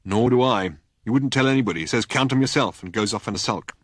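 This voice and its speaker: A man's voice: medium pitch, fast talker, slightly rough, no room sound, clean studio sound, close to an everyday voice. A man voicing a gloomy, taciturn old male god who talks in terse, clipped phrases. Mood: grumbling.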